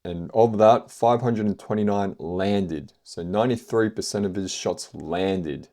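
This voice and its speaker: A man's voice: lowish voice, a little slow, dark tone. A man hosting a casual fight review podcast, rambling with lots of fillers and the odd swear word. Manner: rambling, heavy on fillers like "you know" and "like". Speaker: MMA podcast host.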